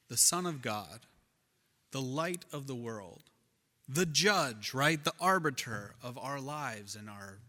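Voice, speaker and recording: A man delivers a sermon in a church, his bright, forward voice rising and dropping as he tells a story. The sound carries a long, echoing reverb from the hall. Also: medium pitch. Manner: animated storyteller, shifts loud and soft. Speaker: pastor.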